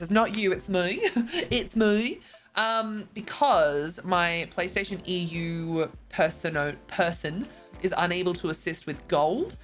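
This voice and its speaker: A bubbly woman in her twenties has a mid-range, slightly bright voice as she chats casually on stream, reading messages from viewers and laughing often. Faint music plays behind her.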